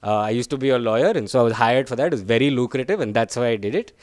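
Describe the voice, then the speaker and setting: A young man tells a stand-up story in a chatty, self-deprecating way. His voice is smooth and clear, sitting in a middle register. The sound is close and dry, with no room echo. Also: mid-range voice, very fast, darkish tone. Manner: chatty, self-deprecating, tags lines with "right?" and "guys". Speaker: stand-up comedian. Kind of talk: stand-up comedy set.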